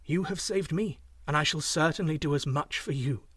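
A man voicing a kindly young gentleman from an old storybook, close to the reader's own voice but a touch higher. He speaks calmly and tenderly, in a dry, close sound. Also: normal speed, husky, dry recording. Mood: reassuring. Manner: gentle and soothing. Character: kindly young man, formerly a cursed miser.

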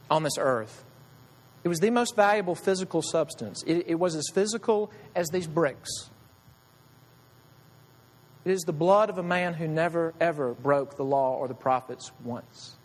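A man preaching a sermon, asking his listeners rhetorical questions in a conversational way. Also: a little high. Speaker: pastor. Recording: long hall reverb.

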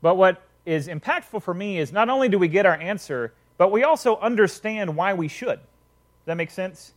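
A man preaching a casual sermon, retelling a parable conversationally with frequent check-ins to listeners. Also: high-pitched.

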